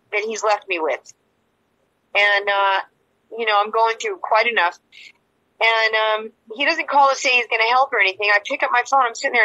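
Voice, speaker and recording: A woman's voice: a little high, sharp tone, highs cut off. A woman interview guest giving an emotional personal account, rambling and repeating herself as she acts out quoted dialogue.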